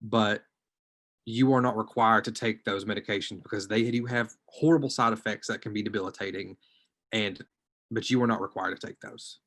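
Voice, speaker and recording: A man with a somewhat low voice gives personal testimony in an online group discussion. He speaks hesitantly and reflectively, and his sentences often trail off into quiet. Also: steady tone, moderate pace.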